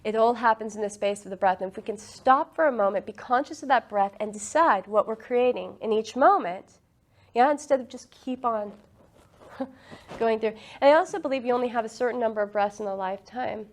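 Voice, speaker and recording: A woman leading a casual spiritual talk about breath and meditation, earnest and quick to laugh. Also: on the high side. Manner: laughs often, earnest and enthusiastic.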